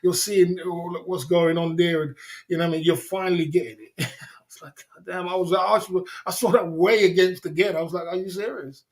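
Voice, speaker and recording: A man's voice: high-pitched, fairly even intonation, brisk. A man hosting a casual livestream chat, laughing often and talking in drawling, slang-heavy asides. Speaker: livestream host.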